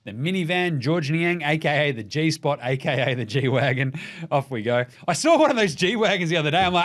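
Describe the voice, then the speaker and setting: A man's voice: on the high side, very animated, a little fast, a bit bright. A man from Australia hosting a casual sports podcast, rowdy and sweary, cracking jokes and slipping into silly voices. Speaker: podcast host.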